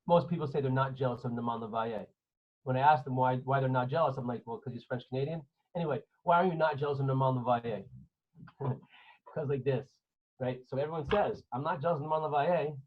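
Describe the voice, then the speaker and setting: A man, a rabbi, giving an animated storytelling lesson to students and firing questions at them over a video call. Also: mid-range voice. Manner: animated, asks listeners questions, acts out scenes. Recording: dull lo-fi online audio.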